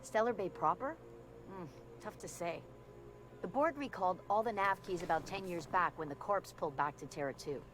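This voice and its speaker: A woman's voice: lowish voice, moderate pace, natural voice. Woman playing a folksy space bartender, game voice, bit of hiss.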